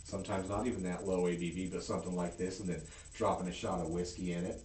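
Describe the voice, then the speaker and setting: Low-voiced guy on a beer podcast, swears a lot, sounds far off in an echoey room. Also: fast talker, a little hiss or hum. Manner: swearing, animated storytelling. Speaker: podcast co-host. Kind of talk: casual beer-tasting chat.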